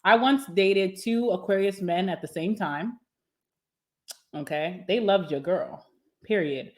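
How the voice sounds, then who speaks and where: A young woman vlogger talking casually and candidly to camera while eating, sassy and quick to laugh. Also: mid-range voice. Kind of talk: casual mukbang chat to camera.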